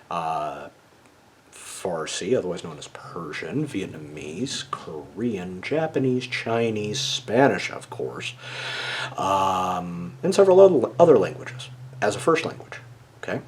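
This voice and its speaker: Lower-voiced man explaining things. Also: very animated, a little slow, slight background noise. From United States. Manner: lecturing, checks in with a frequent "okay?". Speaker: video essayist. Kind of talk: casual explanatory monologue.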